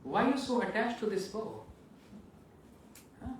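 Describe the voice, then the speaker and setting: A man's voice: high-pitched, big pitch swings, a little slow, a little hiss or hum, pitched above the performer's own voice. A man voicing a cheeky young prince who mocks an angry sage, in an echoey room from far off. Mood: teasing. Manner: mocking, playful.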